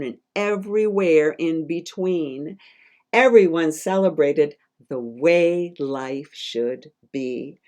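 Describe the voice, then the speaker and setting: A woman author reading her picture book aloud to children, animated, with call-and-response and chatty teacherly asides. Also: low-pitched.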